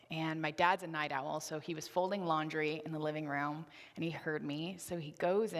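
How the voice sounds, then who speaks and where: Speaking from a church sanctuary, a preacher in her twenties shares a personal story in a frank, conversational sermon. She has a gravelly, fairly low voice, and the hall around her echoes noticeably.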